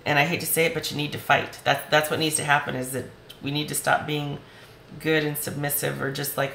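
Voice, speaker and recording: Hoarse, gravelly woman reading tarot. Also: sits low, little pitch movement, fast talker, fairly bright tone, roomy sound, slight background noise, rough recording. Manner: chatty, reassuring, talks straight to the viewer. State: voice going hoarse. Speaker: tarot reader.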